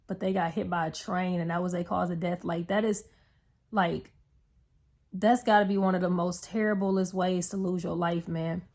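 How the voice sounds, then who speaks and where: A young woman vlogging to camera, telling a personal story in a rambling, earnest way full of fillers. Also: lowish voice. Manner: emotional, heartfelt retelling.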